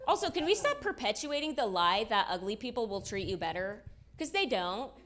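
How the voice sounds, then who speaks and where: A young woman performing a self-deprecating stand-up comedy set on stage, with quick asides to the crowd. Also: on the high side, very animated, fairly bright tone. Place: comedy stage with live audience. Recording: live show with clear background noise.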